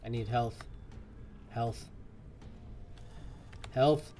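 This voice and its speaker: A man's voice: mid-range voice, steady tone, drawn-out words, mellow, slight background noise. A man giving live commentary on a game he is playing, jokey and exasperated as he talks to the game. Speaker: streamer.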